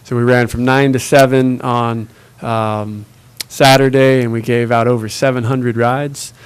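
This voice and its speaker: Man, public meeting report, smooth voice, halting, filler-heavy. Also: medium pitch, flat delivery. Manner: halting, many filler sounds. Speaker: transit staff giving a report.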